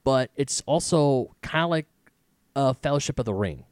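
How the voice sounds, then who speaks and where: A man's voice: mid-range voice, expressive, moderate pace, darkish tone, clear, resonant tone, no echo, clean studio sound. A man co-hosting a casual podcast chat, who explains his views thoughtfully and at length.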